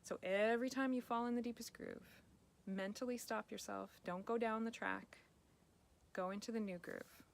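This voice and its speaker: A woman life coach giving gentle, encouraging self-help advice straight to the viewer. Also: a little high, fairly even intonation, moderate pace, vocal fry.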